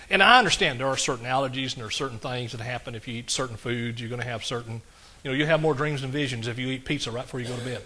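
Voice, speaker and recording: Folksy preacher, bright voice. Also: male voice, medium pitch, quick pace. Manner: folksy, conversational preaching with asides to the congregation. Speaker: pastor. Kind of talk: sermon.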